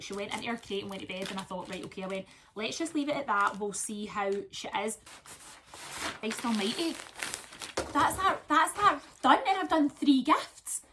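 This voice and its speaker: A woman's voice: medium pitch, sharp tone, slight background noise. A Scottish woman vlogging at home, telling a long rambling story in casual chat while wrapping gifts. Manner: chatty, rambling storytelling with asides.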